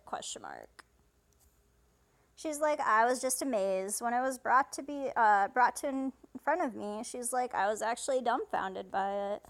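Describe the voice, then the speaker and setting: A young woman casually translating a game's dialogue aloud, paraphrasing each character with "she's like" and reading the punctuation out, with frequent laughs. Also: a little high. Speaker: let's play host translating a game. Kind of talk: casual live translation and retelling of game dialogue.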